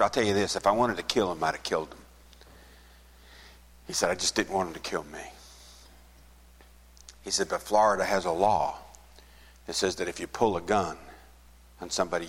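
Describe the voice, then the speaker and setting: A man's voice: deep voice, brisk, long pauses, husky, long reverb tail. A man preaching as a pastor, retelling a conversation and acting out both speakers, dropping to a near whisper at the saddest parts. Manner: retells a conversation, acting out both sides, softening to a hush at sad moments. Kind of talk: sermon storytelling.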